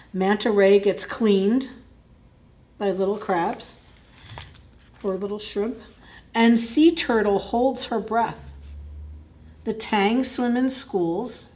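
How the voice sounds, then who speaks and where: Woman librarian, story time reader, unhurried and chatty, asks kids questions. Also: mid-range voice, darkish tone. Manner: slow, deliberate reading. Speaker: children's librarian. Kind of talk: children's story time read-aloud.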